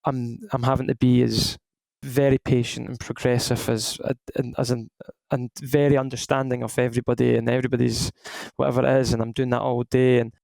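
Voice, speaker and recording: A Scottish retired footballer in his thirties rambles casually through stories on a podcast, restarting often in a relaxed storytelling way. His medium-pitched voice is fairly quick with vocal fry, and the recording is dry and rough.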